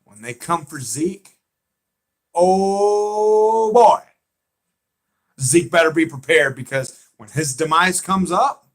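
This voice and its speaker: Southern male streamer, bright and emphatic, casual and excitable. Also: fairly high pitch, normal speed. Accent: American Southern. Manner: excitable and emphatic, repeats himself, talks back to chat. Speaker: livestream host. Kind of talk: casual fan chat on a livestream.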